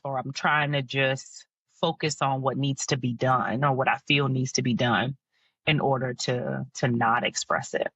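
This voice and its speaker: Her bass voice comes through dull audio with no room sound as this mental health counselor, a podcast guest, tells personal stories. She is reflective and candid and laughs softly often.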